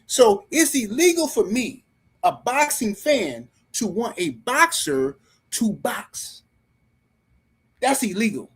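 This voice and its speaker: A man's voice: extremely high pitch, very animated, takes it slowly, fairly bright tone, slightly rough. A man hosting a live stream, ranting about boxing in a heated, slangy way and speaking straight to his viewers.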